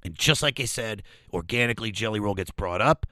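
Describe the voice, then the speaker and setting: A man from the Washington D.C. area, a comedian guest telling stories in casual podcast chat, animated and profane, acting out the voices of people he quotes. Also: on the low side, a little fast, dry recording, clean studio sound.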